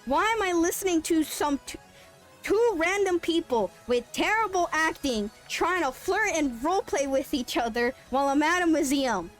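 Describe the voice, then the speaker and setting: Young female streamer, high voice, loose, swearing, laughing, casual live chat. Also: animated, normal speed, faint music behind. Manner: rambling, sarcastic, laughing, swears freely.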